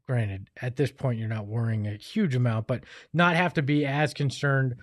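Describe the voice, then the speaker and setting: A young man talks basketball in a loose, rambling way, restarting his sentences and poking fun at himself. His voice sits at an ordinary pitch for a man and is recorded close and dry, with no room sound. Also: normal speed, no echo. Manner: self-deprecating, rambling with restarts. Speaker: sports podcast co-host. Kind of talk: casual sports chat.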